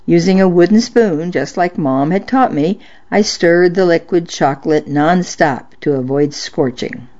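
A woman reading listener-sent nostalgic stories aloud in a measured storytelling narration. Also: on the low side, a little mellow, highs cut off. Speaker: story reader.

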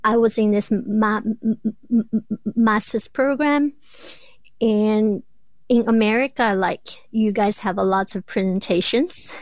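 A woman in her thirties, a Chinese native speaker from rural China, speaks as an interview guest. She stutters, with repeated sounds and blocks. Her pace is slow and the sound is dry and close. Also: medium pitch, fairly even intonation, dry recording. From rural southwest China. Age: 30s. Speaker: guest, doctoral student. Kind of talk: interview conversation.

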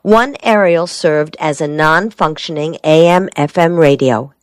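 Woman reading a story, kinda wry, lowish voice, dead dry recording. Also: measured pace, no echo. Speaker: audiobook narrator. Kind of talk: scripted narration.

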